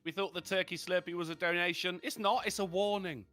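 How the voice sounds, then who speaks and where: A man co-hosting a foul-mouthed comedy chat who rants and tosses off crude one-liners. His voice is bright and sits a bit high, with lively pitch swings. Faint music runs behind him. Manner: crude, ranting, quick jokes. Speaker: podcast co-host.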